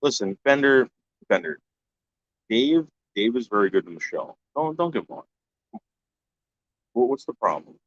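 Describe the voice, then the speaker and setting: A man with a lowish voice chats casually on his stream and swears without a second thought. He restarts his sentences often and keeps talking bluntly to his viewers. The sound is dull and lo-fi, in a dry, dead room. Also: sing-song, normal speed, pauses often, no room sound. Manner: blunt and profane, with frequent restarts. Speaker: live-stream host answering chat. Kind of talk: casual chat.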